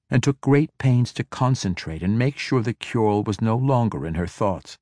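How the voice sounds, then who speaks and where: A man narrating a fantasy audiobook in a measured, even storytelling manner. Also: lowish voice, no echo, studio quality.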